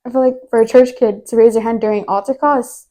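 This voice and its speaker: Young woman, faith testimony, earnest, rambling, filler-heavy, slightly high, mellow. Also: fairly even intonation, fast talker. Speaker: guest.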